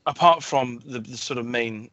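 A man co-hosting a film podcast, stumbling and restarting as he mocks a bad movie. His pitch is ordinary. The sound is close and dry, with no room echo. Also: pushed and bright, highs cut off. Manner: halting, self-correcting, sardonic. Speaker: podcast co-host. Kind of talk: casual film review chat.

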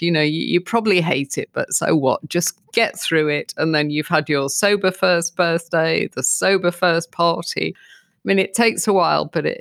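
A woman's voice: on the low side, no echo, clean studio sound. A woman hosting a podcast interview who reflects on her guest's story and shares her own experience. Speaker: host.

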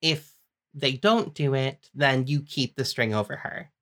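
Low, unhurried woman game master. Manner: patient, explanatory, measured. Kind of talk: narrating a tabletop game.

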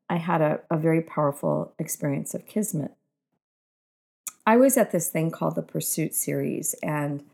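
A woman's voice: deep voice, gravelly. A middle-aged woman, an author, telling inspirational stories in an earnest, emphatic way, piling up repeated phrases. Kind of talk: inspirational storytelling monologue.

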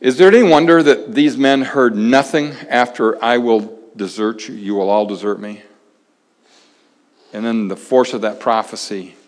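A man preaching a sermon in a conversational way, pausing dramatically and dropping his voice very low for emphasis. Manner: conversational, dramatic pauses, drops to near-whisper for emphasis. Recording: long reverb of a large hall.

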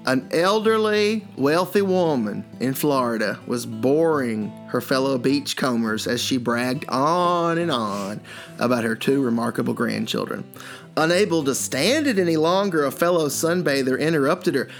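A man's voice: mid-range voice, moderate pace, soft background music. A man co-hosting a comedy chat show, telling jokes playfully and chuckling through them. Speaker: co-host.

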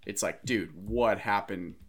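Guy on a movie podcast, kinda low voice, thinks out loud about plot holes. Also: unhurried. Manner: thoughtful, picks apart plot details. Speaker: podcast co-host. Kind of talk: casual movie discussion.

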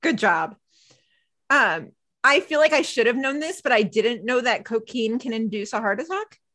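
Animated high-voiced woman podcaster. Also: normal speed. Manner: animated, laughs often, acts out characters' lines. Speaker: podcast co-host. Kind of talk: casual recap chat.

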